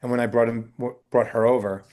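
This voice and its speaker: Talent agent guy chatting in an interview, telling his stories with lots of energy, middle-pitched voice. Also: a little fast. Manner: animated anecdotal storytelling. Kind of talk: casual interview.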